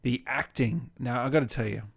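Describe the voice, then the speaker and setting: A man's voice: mid-range voice, fairly quick, creaky, breathy edge. A man co-hosting a casual film review podcast, blunt and scornful, laughing often. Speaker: podcast co-host.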